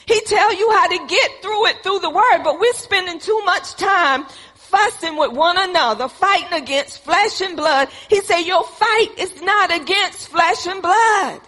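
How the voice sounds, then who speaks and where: Woman preacher, high and bright, emphatic repetitive delivery, long hall reverb. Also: measured pace. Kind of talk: sermon.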